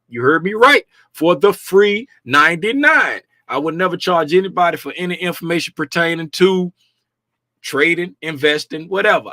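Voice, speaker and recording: High, bright-voiced playful livestream host. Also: male voice, no room sound, studio quality. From Florida, USA. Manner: playful, slangy, greets chat by name. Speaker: host of a daily trading livestream. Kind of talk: casual livestream chat.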